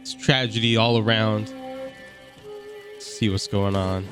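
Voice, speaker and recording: A man's voice: on the low side, fairly even intonation, measured pace, fairly bright tone, faint music behind. A man giving casual, joking let's-play commentary over a game, full of slang and mocking asides. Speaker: gameplay commentator.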